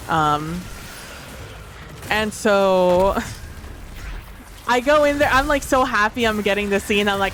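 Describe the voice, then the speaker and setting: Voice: medium pitch, takes it slowly, pauses often, a bit bright, slight background noise. A tabletop role-play player reflecting casually on a livestream, rambling with many fillers and frequent laughter.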